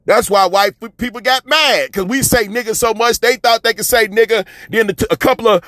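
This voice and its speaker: Male radio commentator, high voice, preachy, shouts then drops low. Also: normal speed, few pauses, no room sound, studio quality. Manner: preachy, repetitive, calls listeners "family" and "man"; swings from loud shouting to low mutters. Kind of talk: fiery street-talk commentary.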